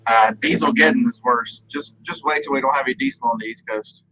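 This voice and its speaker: A man calls into a livestream as its co-host and chats casually. He pauses often on fillers, and his voice comes through a dull, lo-fi call line. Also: medium pitch, pushed and bright. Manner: easygoing, halting with fillers.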